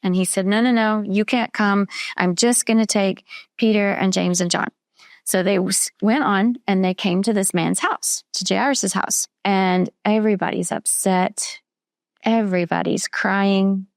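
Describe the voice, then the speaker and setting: A woman's voice: medium pitch, steady tone, dry recording, clean studio sound. Woman teaching children a Bible story. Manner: patient, questioning, slows down for emphasis. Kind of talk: Bible lesson for children, asking questions.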